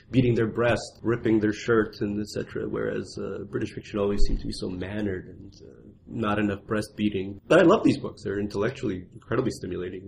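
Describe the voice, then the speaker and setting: A middle-aged man from Russia with a Russian accent, an author talking quickly and self-mockingly in an interview at his apartment, with lots of restarts. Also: fairly low pitch, vocal fry, darkish tone, a little hiss or hum. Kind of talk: conversational interview.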